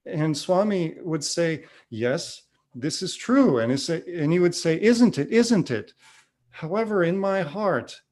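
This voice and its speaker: A man's voice: on the high side, a little mellow. A man in his fifties giving a spiritual testimony talk, telling his story earnestly with restarts and acted-out dialogue. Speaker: devotional speaker.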